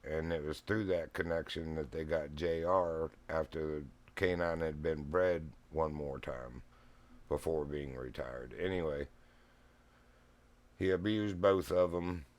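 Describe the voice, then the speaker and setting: A man's voice: rumbling low, measured pace. A middle-aged man telling a rambling, folksy story at home, often laughing. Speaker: streamer. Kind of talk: casual storytelling chat. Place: home living room. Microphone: streaming mic.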